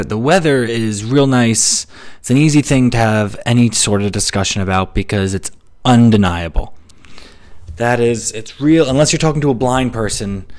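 Sarcastic man ranting as podcast host. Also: medium pitch. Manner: ranting, sarcastic, mocking people in put-on quotes. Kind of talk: solo comedic podcast rant. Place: New York City.

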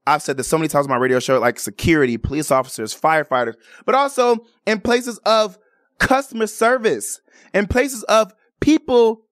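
Animated high-voiced man, dry sound. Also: no room sound. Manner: animated, chatty, shout-outs. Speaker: radio host. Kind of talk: casual chat.

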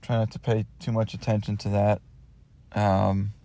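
A man's voice: fairly low pitch, little pitch movement, normal speed, warm tone, slight background noise. Rambling man talking in his car. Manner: rambling, wry, many fillers. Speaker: podcast host. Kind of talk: casual solo chat. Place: in a parked car. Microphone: phone.

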